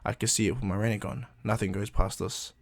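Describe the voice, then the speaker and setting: A man voicing a calm, self-assured young male ninja prodigy who speaks quietly. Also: on the low side, fast talker, dry recording, studio quality, natural voice.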